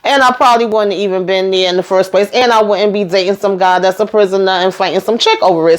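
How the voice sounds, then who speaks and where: A woman's voice: medium pitch, steady tone, fast talker, hardly any pauses. A woman hosting a reality show recap, giving sassy, opinionated commentary in a chatty, casual way.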